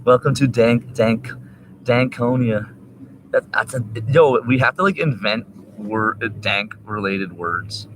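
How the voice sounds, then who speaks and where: A man talking while high, rambling and swearing in a loose monologue outdoors. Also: slow, background noise. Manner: rambling, profane, laughing asides. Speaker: vlogger.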